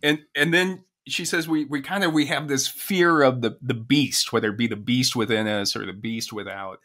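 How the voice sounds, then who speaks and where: A man co-hosting a podcast in casual chat, talking in halting phrases full of restarts. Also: medium pitch, a bit bright. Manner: halting, restarts phrases, reads poetry aloud. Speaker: podcast co-host.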